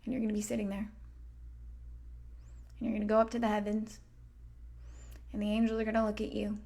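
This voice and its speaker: A woman's voice: mid-range voice, monotone, fairly quick, dark tone. A woman in her thirties hosting a motivational podcast, talking casually and frankly, full of fillers and swearing, sometimes dropping to a near-whisper for emphasis. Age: 30s. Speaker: podcast host and coach.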